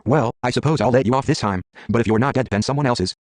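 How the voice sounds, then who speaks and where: A man's voice: mid-range voice, fast talker, no room sound, close to an everyday voice. A man voicing an irritated, grudging grim reaper in a story game, close to his own voice. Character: grumbling male grim reaper.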